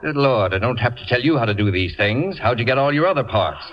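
An imperious, acid-tongued middle-aged critic barks orders and sardonic quips, played by a man. His delivery is lively and full of swings. The sound is a muffled vintage radio broadcast. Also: mid-range voice, fast, a crowd in the background, lightly acted. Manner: bossy, sardonic. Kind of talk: 1940s radio acting.

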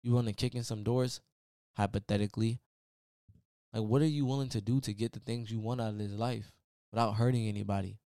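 Low-voiced podcast host, casual motivational rant. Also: male voice, fairly even intonation, fairly quick, dark tone, smooth, dry recording, clean studio sound. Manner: casual, preachy, repeats "man" often.

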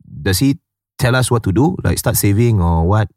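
Low, lively Singaporean man. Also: moderate pace, no room sound. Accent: Singaporean English. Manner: questioning, reactive, exclamatory. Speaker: podcast co-host. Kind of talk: casual chat.

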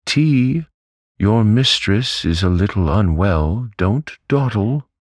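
A man's voice: fairly low pitch, lively intonation, slow pace, no echo, studio quality, pitched above the performer's own voice. A man voicing a domineering elderly aunt in a storybook reading. She speaks in curt, commanding, impatient sentences. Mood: stern. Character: stern, brisk elderly aunt, domineering and abrupt.

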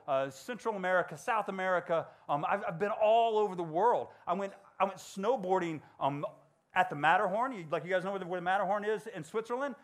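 Lively man telling stories to students. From Georgia. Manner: animated, acts out dialogue in high voices. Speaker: motivational speaker. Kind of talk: storytelling talk to students.

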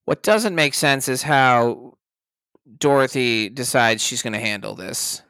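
A woman co-hosting a podcast in casual chat, making wry deadpan jokes and swearing casually. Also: a bass voice, a little slow, clear, resonant tone, no echo. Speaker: podcast co-host.

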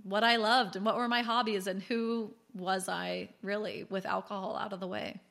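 Woman in her 30s, guest on a podcast, chatty and animated, acts out what people said. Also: mid-range voice, normal speed, creaky. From California. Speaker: guest, business founder. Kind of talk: candid interview storytelling.

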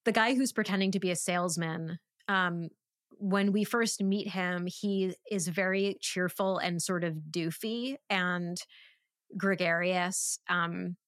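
A woman's voice: lowish voice, steady tone, slow, fairly bright tone, no room sound, clean studio sound. A woman co-hosting a podcast, chatting casually about a movie with lots of fillers and restarts. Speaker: podcast co-host. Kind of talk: casual film discussion.

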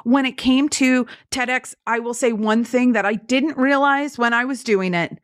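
A woman guest on a podcast interview, telling stories in a lively way and acting out the voices of people she quotes, talking from her home studio. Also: fairly high pitch, moderate pace. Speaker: guest speaker.

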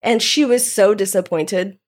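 A woman's voice: medium pitch, unhurried. Candid young woman telling a story. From Southern California. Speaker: guest. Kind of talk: casual chat.

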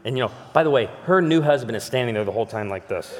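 A man with a mid-pitched voice delivers a sermon before a live crowd, mixing playful anecdotes with sincere appeals. His voice rings out with a long reverb tail from a large hall. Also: very fast, noisy background. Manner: animated, jokey anecdotes with sudden shifts to earnest appeal. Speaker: pastor. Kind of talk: humorous sermon storytelling.

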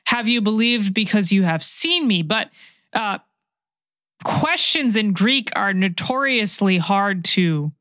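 A woman preaches at an unhurried, measured pace, repeating her key lines for weight. She sinks to a hushed whisper when she quotes scripture, and the recording is close and dry, with no room sound. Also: on the high side, no room sound. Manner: slow, reflective, repeats key phrases; drops to a soft whisper when quoting scripture. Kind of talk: sermon.

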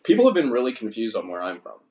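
An American man hosting a podcast, brash, excitable and swearing constantly. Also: medium pitch, quick pace. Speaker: podcast host. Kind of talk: casual podcast chat. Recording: roomy room echo.

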